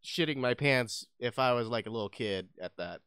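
Bright, crisp-voiced young man chatting. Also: medium pitch, normal speed, no room sound, clean studio sound. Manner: relaxed reactions, swearing. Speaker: podcast co-host. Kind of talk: casual gaming chat.

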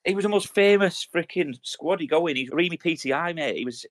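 A man's voice: on the high side, animated, a crowd in the background. A man in his thirties, co-hosting a podcast, telling rambling, slang-heavy stories full of swearing. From United Kingdom. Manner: rapid, rambling storytelling with lots of swearing and military slang. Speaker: podcast co-host. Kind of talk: casual chat.

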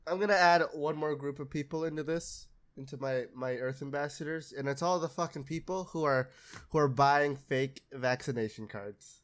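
A man's voice: on the high side, normal speed. Sarcastic swearing man, casual podcast. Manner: sarcastic, swears freely, laughs often. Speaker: podcast co-host. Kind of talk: casual chat.

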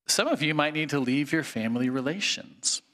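A male pastor giving an earnest sermon in a loose, conversational way. His voice is bright and sits fairly high, and he pauses with fillers as he reads aloud. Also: lively intonation.

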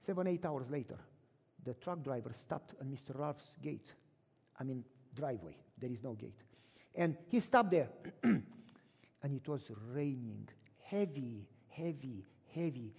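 A male pastor telling a story in a sermon, animated, acting out dialogue and repeating words for emphasis. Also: mid-range voice, a little slow, vocal fry, breathy edge, big-room sound.

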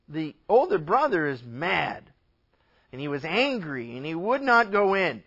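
A male pastor preaching a sermon, telling a parable with lively storytelling and briefly acting out the characters' lines. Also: high voice, brisk, dull audio.

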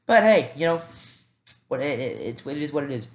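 A young man from the American South with a Southern accent, hosting a solo sports podcast on a cheap headset and talking fast, animated and rambling, with many restarts. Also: mid-range voice, echoey room. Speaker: podcast host. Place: at home by a computer.

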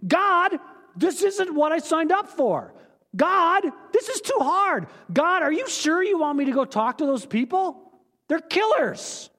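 A man's voice: very high voice, very animated, measured pace, a bit bright, pitched above the performer's own voice, exaggerated voice. A man voicing an anguished, reluctant male prophet who protests and pleads with God, in an echoey church. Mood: protesting.

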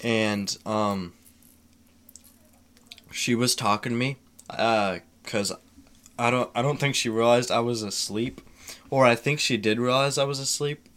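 A man's voice: medium pitch, measured pace, long pauses. A young man in casual chat, telling a funny story with frequent laughs. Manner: laughs often, animated storytelling.

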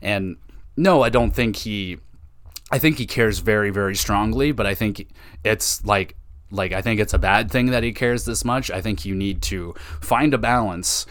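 A young man rants on his hockey podcast, swearing and mocking in a frustrated tone. His voice sits a little low. He talks in loose, casual bursts. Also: moderate pace, fairly bright tone. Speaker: podcast host. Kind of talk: ranting hockey podcast commentary.

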